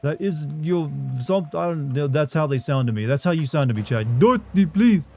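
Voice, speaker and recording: A man's voice: mid-range voice, brisk, a little mellow. A man streaming a game live, chatting with his viewers in a joking way and trying out silly voices. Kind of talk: live gameplay commentary.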